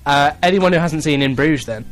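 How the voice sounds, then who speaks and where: A man's voice: fairly high pitch, brisk, faint music behind. A young man co-hosting a student radio show, joking and playful in casual chat. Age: young adult. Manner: playful, joking, silly voices.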